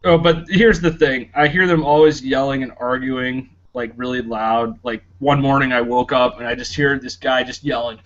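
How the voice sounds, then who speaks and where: A man's voice: mid-range voice, steady tone, normal speed, hardly any pauses, fairly bright tone, lo-fi sound. A man on a casual podcast, telling stories in a chatty way with laughs and fillers. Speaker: podcast host. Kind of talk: casual chat.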